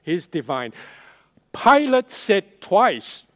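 A male pastor preaching a sermon, stressing and repeating key phrases, his loudness rising and falling for emphasis. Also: sits high, very animated, very slow.

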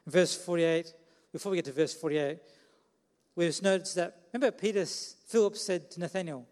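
Guy preaching a sermon, kinda high voice, talks like a chat, asks questions, lots of hall echo. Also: a little fast, a little mellow. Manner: conversational, asks the listeners questions.

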